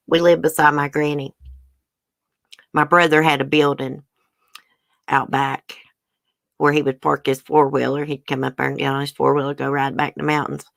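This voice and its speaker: A woman's voice: low-pitched, little pitch movement, moderate pace, gravelly, long pauses, a bit bright, no room sound. A woman speaking candidly to her viewers as a channel host, emotional and close to tears, with frequent ums. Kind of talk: casual personal talk to viewers.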